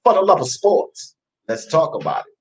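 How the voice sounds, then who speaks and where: A man's voice: a little high, big pitch swings, normal speed, noisy background. A man hosting a sports talk show, ranting scornfully and emphatically, repeating his jabs.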